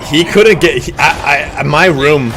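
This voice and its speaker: Crude, animated young male streamer. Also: fairly high pitch, a little slow, over music. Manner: animated, crude, acts out the voices in his stories. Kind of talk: casual storytelling while gaming.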